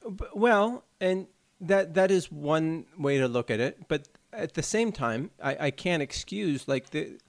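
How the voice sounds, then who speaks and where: A man's voice: on the high side, animated, a little slow, few pauses, no room sound. A man co-hosting a podcast in casual chat, earnestly explaining things at length. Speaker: podcast co-host.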